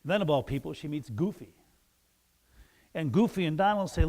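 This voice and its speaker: A man's voice: on the high side, lively intonation, moderate pace, darkish tone. A man, a pastor, giving a children's sermon in a church, chatting playfully with the kids and joking as he tells a story. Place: church sanctuary.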